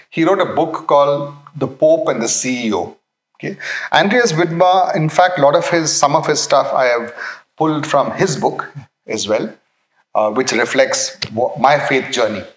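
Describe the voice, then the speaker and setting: Halting man giving a faith talk. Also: mid-range voice, echoey room, rough recording. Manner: halting, many fillers and restarts, checks in with "okay". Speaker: Christian speaker.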